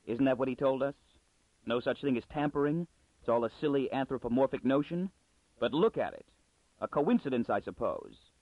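Brief: cool, sardonic young neurologist, read by a man, lively pitch, telephone-thin audio. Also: no room sound. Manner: measured, dryly sardonic. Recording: dry, phone-like narrow sound.

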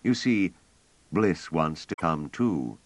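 A man voicing a fussy, gentle elderly male scholar who rambles and talks hesitantly. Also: extremely low pitch, animated, takes it slowly, no room sound, full character voice, low-quality recording. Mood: earnest. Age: older. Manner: hesitant, wordy, polite.

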